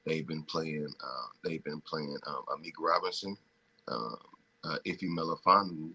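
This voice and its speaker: A man co-hosts a casual sports podcast in an extremely low voice. His tone is bright and forceful, and he talks haltingly, stopping often to find his next words. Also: slightly rough. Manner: halting, with many ums and restarts. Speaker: podcast co-host.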